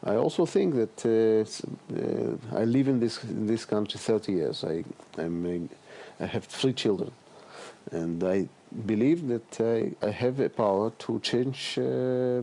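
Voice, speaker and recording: Guy, middle-aged, low mellow voice, lots of uhs and restarts, interview guest. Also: creaky. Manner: halting, many fillers and repeated words. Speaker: politician guest. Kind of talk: interview answers.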